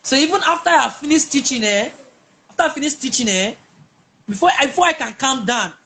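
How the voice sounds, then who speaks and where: Lively in intonation and a bit bright, this woman's high voice moves a little fast as she tells her own story as a guest. She stresses her points, often repeats words and restarts, over slight background noise.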